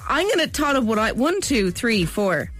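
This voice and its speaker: A woman's voice: fairly high pitch, very animated, moderate pace. An Irish woman hosting a radio quiz, teasing and giggling, in a studio with music behind her. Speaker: radio host.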